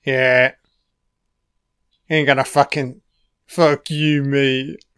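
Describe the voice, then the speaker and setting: Slow-talking, foul-mouthed man reacting to a film. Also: medium pitch, level tone, a bit bright, clean tone, dry recording, clean studio sound. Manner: swears constantly, cheers at the screen. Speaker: film commentator. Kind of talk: casual profane film reaction commentary.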